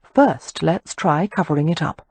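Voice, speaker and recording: A woman's voice: low-pitched, animated, measured pace, darkish tone, husky, no echo, exaggerated voice. Woman doing a protective eldest sister, firm, take-charge, proud, audiobook.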